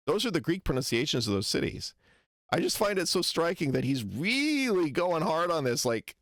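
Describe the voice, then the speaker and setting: A man's voice: a little high, big pitch swings, moderate pace, fairly bright tone, no room sound, clean studio sound. A man hosting a livestream, reacting to a history lecture in a hesitant, wry and skeptical way with many ums. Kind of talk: casual livestream commentary.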